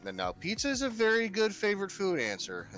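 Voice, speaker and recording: A man's voice: sits high, huge pitch swings, a little fast, a bit bright, soft background music. A man co-hosting a casual podcast chat, easygoing and stammering on his word starts. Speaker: podcast co-host.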